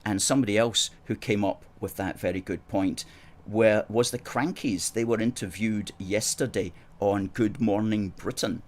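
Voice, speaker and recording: Emphatic, low-voiced male host. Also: moderate pace. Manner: emphatic and opinionated, hammering points home. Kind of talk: live-stream talk, reading viewer comments. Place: studio in Glasgow.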